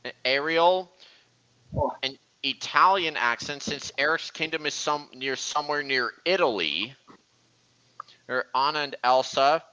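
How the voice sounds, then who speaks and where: A young man hosting a casual voice-chat stream, talking slowly and rambling with frequent restarts. His voice is bright and slightly tense, a little high for a man. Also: clean tone, rough recording. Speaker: stream host.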